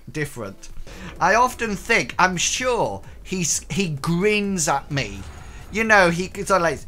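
A man's voice: high voice, big pitch swings, takes it slowly, sharp tone. A man from the UK chatting playfully to viewers while streaming a game, joking and poking fun at himself. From United Kingdom. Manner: playful, self-mocking, chatty. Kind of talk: casual game stream chat.

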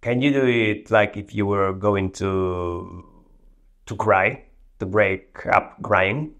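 A man's voice: lowish voice, fairly even intonation, takes it slowly, a bit bright. A man hosting a tech video, casually walking through a demo and giving spoken prompts to an AI assistant. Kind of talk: casual screen demo narration.

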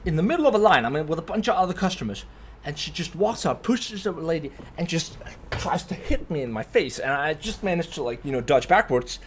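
A young man telling a storytime vlog, animated and profane, who keeps checking in with "right?". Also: on the high side, a little fast, a little hiss or hum. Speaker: vlogger.

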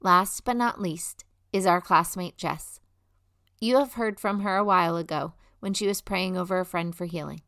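A woman's voice: fairly low pitch, normal speed, a bit bright. A woman hosting a devotional testimony show, reading scripted narration in an earnest, encouraging way. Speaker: host of a faith testimony show.

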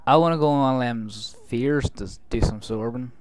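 Speaking at normal speed in a mid-range voice, a man hosts a let's play video, cracking jokes and answering back to the characters on screen.

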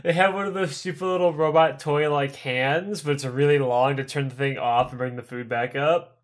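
A man's voice: medium pitch, steady tone, moderate pace. A man co-hosting a casual podcast, answering questions in a laid-back way. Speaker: podcast co-host. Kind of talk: casual chat.

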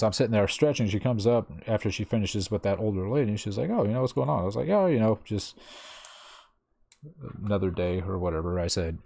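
A man's voice: on the low side, warm tone. Rambling, swearing man in his thirties. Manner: rambling, swears freely, fillers like "like". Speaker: streamer. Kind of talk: casual chat.

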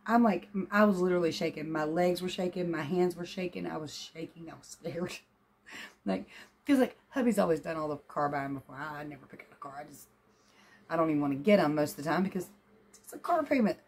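A woman chatting casually to her phone camera as a vlogger, folksy and quick to laugh. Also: deep voice, animated, darkish tone, a little hiss or hum. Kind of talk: casual vlog chat. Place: outdoors at a car lot, then at home.

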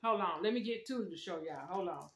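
A woman's voice: fairly low pitch, animated, fairly quick, a bit bright. A woman casually reviewing snacks at home, chatting straight to her viewers with lots of slang. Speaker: food review vlogger. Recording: echoey room.

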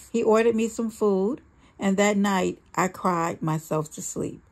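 A woman reading a first-person memoir aloud in a plain, steady storytelling delivery. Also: medium pitch, a little slow, vocal fry. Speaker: memoir reader.

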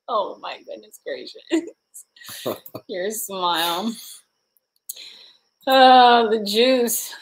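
A woman's voice: medium pitch, extremely slow, pauses often, poor audio. A woman hosting a casual livestream, giggling constantly and slap-happy tired. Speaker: livestream host.

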